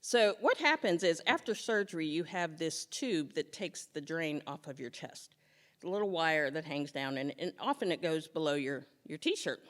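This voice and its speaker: Woman storyteller, comic and animated, long hall reverb. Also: moderate pace. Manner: animated, jumps into high squeals for quoted lines. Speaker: storyteller on stage. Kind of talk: humorous personal storytelling.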